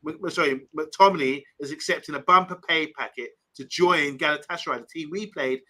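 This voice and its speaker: A man's voice: a little high, a little fast, bright, forceful tone, poor audio. A man hosting a casual live stream, reading viewer comments aloud and rambling between topics. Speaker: host.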